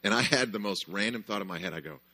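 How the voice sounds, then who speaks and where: A man preaching a sermon with animated storytelling, often checking in with the audience. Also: lowish voice, fast talker.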